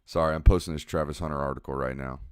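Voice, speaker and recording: A young man, giving relaxed, analytical commentary on a football game as he watches and answers chat on a live stream. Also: extremely low pitch, fast talker, clear, resonant tone, no room sound, studio quality.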